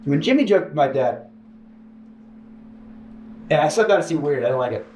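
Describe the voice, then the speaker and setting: A man appears as an interview guest, sharing a painful personal story in an expressive, slightly mellow voice. He halts and restarts often, raising his pitch to mimic the people he quotes. The room is echoey, with a faint hiss.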